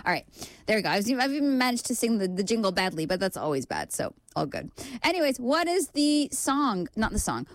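A woman hosting a live morning radio show with a hoarse, croaky voice, chatty and laughing as she apologizes. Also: on the high side, sing-song, fairly quick, no echo. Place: radio studio.

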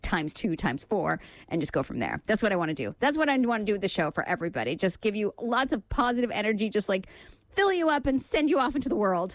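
A young woman hosting a radio show, talking in an upbeat, chatty way and sprinkling her sentences with fillers. Her voice sits at a middle pitch. It is recorded dry and close on a studio mic. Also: dry recording. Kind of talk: casual chat reading listener messages.

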